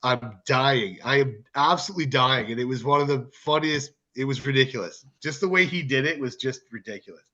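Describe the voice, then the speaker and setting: A Canadian man speaking as a guest in a casual podcast interview. His voice is bright and forceful, and he tells his stories with animated repetition. The recording sounds a little muffled and lo-fi. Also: mid-range voice, fairly quick, few pauses. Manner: animated storyteller, repeats words for emphasis. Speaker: wrestling promotion owner, guest. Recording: slightly muffled, lo-fi audio.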